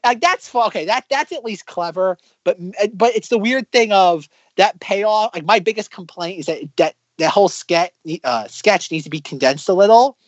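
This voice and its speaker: A man co-hosting a casual podcast, rambling with many fillers and breaking into animated impressions as he critiques sketches. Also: high voice, normal speed, few pauses, no echo, highs cut off. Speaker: podcast co-host.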